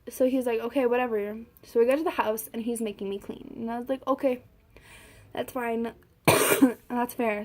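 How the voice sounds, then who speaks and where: A young woman telling a personal story in a halting, casual way, full of fillers and restarts. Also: on the high side, a little mellow. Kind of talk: personal story told to camera.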